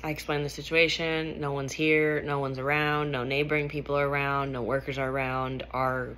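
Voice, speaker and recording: A woman's voice: rumbling low, flat delivery, normal speed, fairly bright tone, a little hiss or hum. A woman vlogger telling a personal story in a candid, emphatic way, swearing freely.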